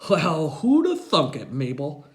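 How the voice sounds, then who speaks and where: A woman voicing a stern, teasing older grandfather with a gruff, folksy way of talking. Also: low-pitched, huge pitch swings, a little slow, heavily acted.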